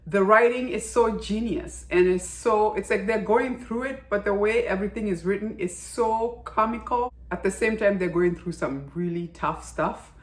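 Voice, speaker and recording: Animated woman reviewing a drama, roomy room. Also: medium pitch, normal speed, few pauses. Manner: animated, acts out characters' lines while retelling. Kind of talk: casual vlog review.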